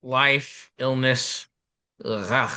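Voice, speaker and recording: A male podcast host chatting casually, joking and filling with "uh", his voice a little deeper and rough after being ill. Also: fairly even intonation, very slow, pushed and bright, no room sound. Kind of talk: casual chat.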